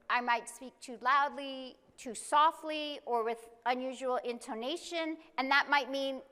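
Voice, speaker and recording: A woman giving a live presentation to an audience, explaining things step by step and reading example statements aloud slowly. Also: high voice, bright, forceful tone, big-room sound. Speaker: conference presenter. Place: conference room.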